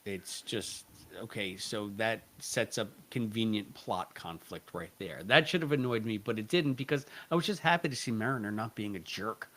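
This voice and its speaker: A man's voice: lowish voice, animated, moderate pace, a bit bright. A man co-hosting a podcast, giving a rambling, analytical episode review and often correcting himself mid-sentence. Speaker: podcast co-host. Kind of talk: casual review chat.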